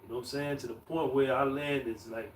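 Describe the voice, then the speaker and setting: A man's voice: mid-range voice, steady tone, fairly quick, a little hiss or hum. A man reading scripture aloud and talking it over loosely, full of fillers. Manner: loose, filler-heavy, reads verses aloud. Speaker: scripture reader. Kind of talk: casual street preaching. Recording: echoey, distant mic, faint ambience.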